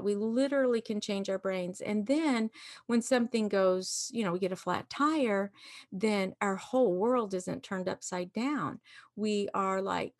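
A woman's voice: mid-range voice, no echo. Woman guest on a faith podcast, earnest and reflective, dry close sound. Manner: earnest, reflective, repeats phrases for emphasis. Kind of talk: faith-based conversational talk.

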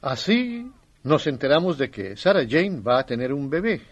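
Clear instructive male lesson host. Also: a little high, very animated, brisk, dull audio. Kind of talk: language lesson narration.

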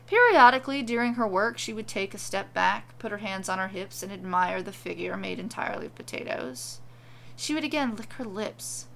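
Gravelly-voiced woman telling a comic tale. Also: medium pitch, a bit bright, slight background noise. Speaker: storyteller. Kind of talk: comedic storybook narration.

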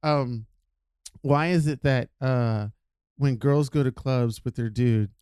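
A man ranting on a podcast, incredulous and animated, stacking up one question after another. His voice is smooth and clear. The recording is dry and close. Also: mid-range voice, slow pace, dry recording. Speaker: podcast co-host. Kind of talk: casual podcast chat.

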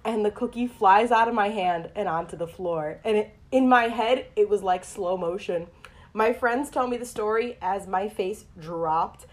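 A young woman co-hosting a casual podcast, telling a funny personal story in an animated way. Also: medium pitch, moderate pace. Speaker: podcast co-host.

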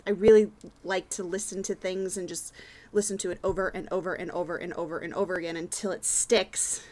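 A woman's voice: on the low side, little pitch movement, a little fast, a little mellow. A woman talking casually on a tabletop gaming panel, earnest and chatty, with frequent fillers and restarts. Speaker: podcast guest, tabletop player.

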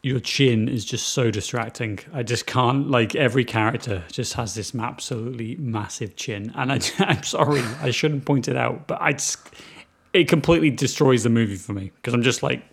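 A man's voice: mid-range voice, moderate pace, vocal fry, slightly rough. A British man chatting about films as a podcast co-host, enthusiastic and rambling. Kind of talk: casual film review chat.

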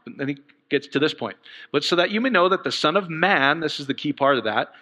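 A middle-aged man preaching a casual, conversational sermon, animated and rising to fervent outbursts with asides. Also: fairly high pitch, quick pace, in a large hall.

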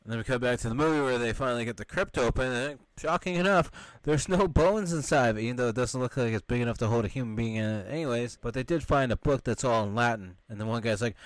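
Male podcast host, casual film recap, dry close sound, wry quips and quick mock voices. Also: mid-range voice, clean tone, no room sound. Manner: retells scenes with quick put-on character voices and wry asides.

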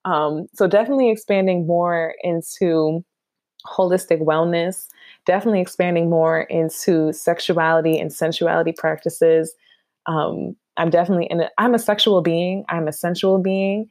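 A woman talks in an easy, affirming way, like a close friend giving a pep talk, full of fillers and loving asides. Her voice sits a little low. The sound is dry and close. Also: steady tone, normal speed, no echo. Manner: warm, affirming, chatty with many fillers. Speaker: podcast guest, mental health professional. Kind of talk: casual heartfelt conversation.

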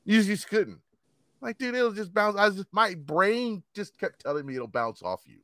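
A man in his thirties telling rough stories in casual chat, swearing and acting out quotes in a higher voice. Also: moderate pace, no echo, clean studio sound. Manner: animated storyteller, swearing, acts out quotes in higher voice.

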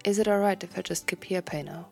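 Woman reading as a bitter, sleepy young guy, soft and half-whispered, a little gravelly. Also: on the low side, fast talker, soft background music. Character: young man, drowsy and bitter at 2 a.m.

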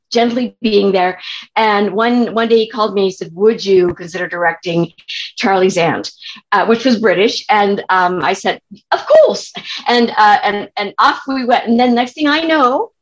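Chatty woman theater director, lo-fi sound. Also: medium pitch. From California. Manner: chatty, many restarts and fillers. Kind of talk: interview storytelling.

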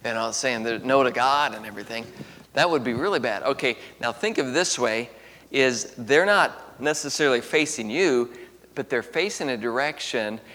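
A man's voice: mid-range voice, moderate pace, pushed and bright. A man leading an interactive Bible lesson for a class. He talks in a chatty way, asks many questions, laughs often and uses lots of fillers. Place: large room with a piano. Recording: echoey hall.

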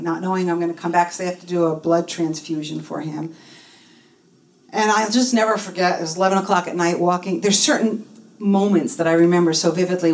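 A middle-aged woman telling a personal story in an interview, acting out the people in it with feeling. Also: lowish voice. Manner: animated, acts out the voices in her story. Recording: voice a bit distant from the mic.

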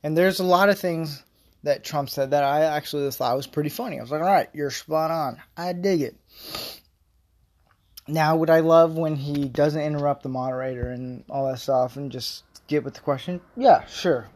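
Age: adult. Sex: man. Style: casual political rant. Pitch: fairly high. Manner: rambling, filler-heavy, blunt, profane. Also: a little fast. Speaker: vlogger giving political commentary.

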